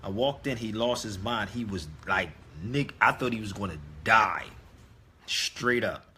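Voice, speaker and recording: A man with a lowish, husky voice talks through a story in a casual monologue. His tone is forceful and tense, and he keeps speaking straight to his listeners with emphasis. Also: a little slow. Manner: emphatic, addresses listeners directly. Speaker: online talk host.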